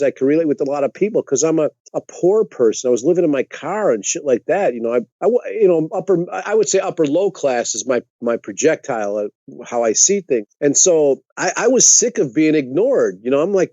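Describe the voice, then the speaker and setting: A man's voice: a little high, animated, moderate pace, warm tone, dry recording, lo-fi sound. A man chatting casually as a podcast guest. He tells stories bluntly, swears, and repeats words for emphasis. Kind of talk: casual storytelling chat.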